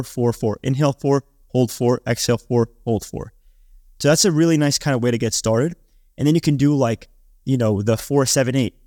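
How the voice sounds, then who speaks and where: A man's voice: mid-range voice, darkish tone, no echo, studio quality. A man who hosts a podcast, giving casual advice in a chatty way, often restarting and filling with likes and ums. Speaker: podcast host.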